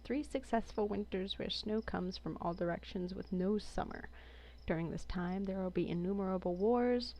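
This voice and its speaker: A woman's voice: medium pitch, dull audio. A woman chatting casually and with amusement as she reviews a game collection, reading entries aloud between her own comments. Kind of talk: casual commentary while browsing.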